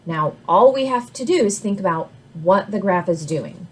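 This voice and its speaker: A woman's voice: medium pitch, animated, moderate pace, breathy edge. A woman recording a math lesson, explaining step by step with patient "all right?" check-ins. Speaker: math instructor.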